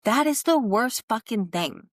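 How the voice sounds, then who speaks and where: A woman's voice: a little high, lively intonation, a little slow, no room sound, clean studio sound. A young adult woman hosting a podcast, telling her own story in a raw, frank way and swearing often. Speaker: podcast host. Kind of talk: candid personal monologue.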